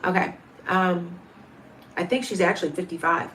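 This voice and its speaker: Taking viewer questions on her livestream, a medium in her fifties chats casually, full of restarts and side remarks. She speaks at a moderate pace in a fairly low, fairly bright voice with fairly even intonation, over a little hiss or hum.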